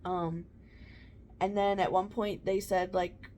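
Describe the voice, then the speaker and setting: A woman's voice: on the low side, little pitch movement, takes it slowly, darkish tone, a little hiss or hum. A young woman casually telling a personal story to camera, chatty with lots of "um" and "like". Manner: chatty, many "um" and "like" fillers. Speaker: mom vlogger.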